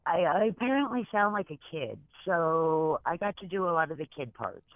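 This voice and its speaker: A man's voice: on the high side, animated, moderate pace, no echo. A man co-hosting a casual talk show, easygoing and agreeable, heard over a phone line. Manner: easygoing, agreeable, chuckling along. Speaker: co-host.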